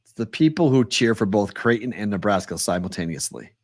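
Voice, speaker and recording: A young adult man co-hosting a sports betting show, talking in an animated, exasperated and profane way. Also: lowish voice, brisk, no room sound, clean studio sound. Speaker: sports talk co-host. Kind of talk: casual sports chat.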